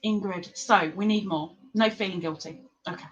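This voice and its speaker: A woman's voice: mid-range voice, normal speed, muffled recording, slight background noise. An English woman with a non-London English accent, hosting a crochet livestream and chatting casually with viewers by name, laughing often. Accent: English, not London. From England. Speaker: crochet livestream host reading chat. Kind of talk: casual live chat.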